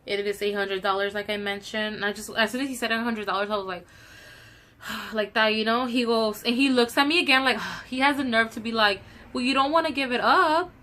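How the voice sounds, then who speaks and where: A young woman tells a storytime for her vlog in a bright, forward voice. She retells the encounter with indignation and acts out the other people's lines. Her speech is casual and full of swearing. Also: on the high side, fairly quick. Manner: animated, indignant retelling with quoted dialogue. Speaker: vlogger.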